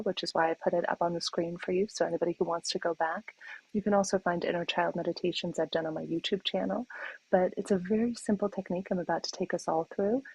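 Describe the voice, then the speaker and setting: A woman's voice: fairly low pitch, breathy edge, no echo, rough recording. A middle-aged woman hosting a livestream wellness talk, telling stories in an earnest way and acting out the voices she quotes. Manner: earnest, storytelling, animated quotes. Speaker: host and speaker.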